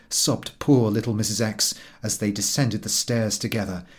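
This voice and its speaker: A man narrating a classic novel as an audiobook, with dramatic, expressive storytelling. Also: lowish voice, moderate pace.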